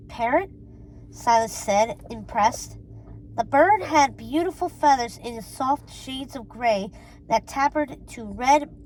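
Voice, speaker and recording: A woman reading a children's chapter book aloud in an expressive storytelling way. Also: fairly high pitch, slight background noise, poor audio. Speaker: storybook reader. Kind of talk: children's read-aloud narration.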